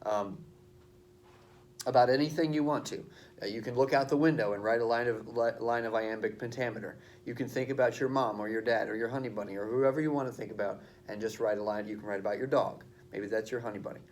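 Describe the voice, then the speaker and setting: A man's voice: medium pitch, steady tone, fast talker. A male teacher explaining a poetry assignment to his class at the board in a casual, chatty way.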